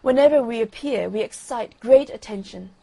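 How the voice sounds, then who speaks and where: A woman voicing a vain, haughty male firework rocket in a bedtime story reading, pompous and loudly declaiming. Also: a little high, normal speed, gravelly. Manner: pompous, self-admiring, loud declaiming.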